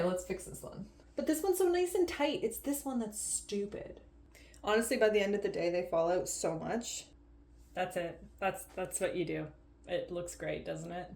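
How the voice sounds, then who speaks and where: A woman's voice: fairly low pitch, normal speed, darkish tone, slight background noise. A woman in her thirties chatting casually on her writing vlog, joking at her own expense. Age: 30s. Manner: chatty and self-deprecating. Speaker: writing vlogger. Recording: roomy echoey room.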